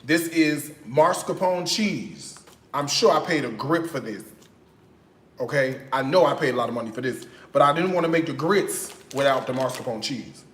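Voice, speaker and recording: A man's voice: mid-range voice, expressive, moderate pace, a bit bright. Chatty man in an echoey room. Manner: chatty, playful, frequent "okay?" tags. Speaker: cooking channel host. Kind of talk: casual grocery haul chat. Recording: echoey room with faint noise.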